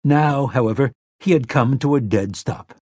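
A male audiobook narrator with a mid-pitched, slightly husky voice. He reads in a measured, expressive way, leaning into the story's moments. The recording is close and dry, with no room sound. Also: no echo. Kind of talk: scripted narration.

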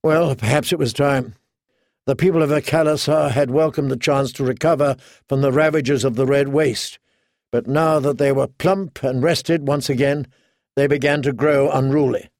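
A man reading a fantasy novel aloud in steady, measured scripted narration. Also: mid-range voice, no echo, clean studio sound. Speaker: audiobook narrator.

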